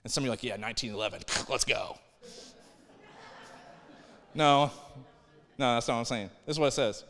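A man preaches in an easygoing, conversational way, now and then dropping into the voices of people he quotes. His voice sits at an ordinary middle pitch. The sound has the long reverb of a large church hall. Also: very fast, fairly bright tone. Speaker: pastor. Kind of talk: sermon. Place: church sanctuary.

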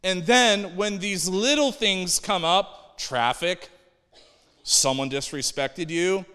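A male pastor preaching in a big church hall, easygoing and joking with the congregation. His voice is fairly high and bright, with a forceful edge, and a long reverb hangs after each phrase. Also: slow, smooth. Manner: conversational, joking, animated. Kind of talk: sermon.

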